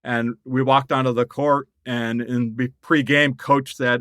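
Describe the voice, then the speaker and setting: A middle-aged man from the United States tells stories with a bright edge to his voice. He is animated and laughs often, and the sound is dry and close to the mic. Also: mid-range voice, a little slow, few pauses, no room sound. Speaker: guest writer. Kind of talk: conversational interview storytelling.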